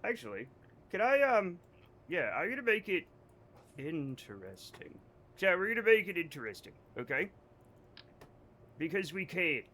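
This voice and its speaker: A man's voice: high voice, big pitch swings, normal speed, long pauses, pushed and bright. An American man streaming a game, joking and rambling to his chat. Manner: jokey, rambling, talks to chat. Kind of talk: casual livestream chat.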